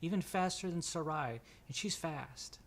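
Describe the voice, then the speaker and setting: A man voicing an eager young boy with cybernetic legs, boasting about how fast he is. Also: a little high, fairly bright tone, voice pushed up. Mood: boastful.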